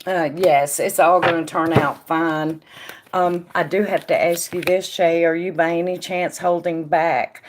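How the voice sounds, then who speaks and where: A woman hosting a casual live tarot reading, chatting with viewers by name and dropping to a quiet murmur when she puts questions to the cards. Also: on the low side, steady tone, a little slow, slight background noise. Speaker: tarot reader and stream host.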